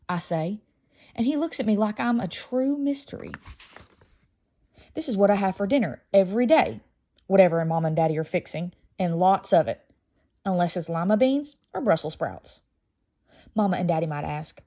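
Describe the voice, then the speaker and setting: A woman reading a children's novel aloud in a lively first-person storytelling voice. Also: mid-range voice, normal speed. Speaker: audiobook reader.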